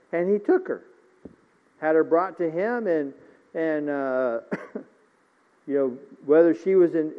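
A man preaching a sermon, retelling a story and then reading scripture aloud with rising force. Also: fairly high pitch. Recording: muffled recording with long reverb.

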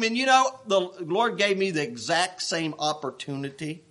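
A man preaching a sermon, telling a story in an animated, worked-up way with plenty of restarts. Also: high voice, normal speed, few pauses. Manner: folksy, animated, getting worked up.

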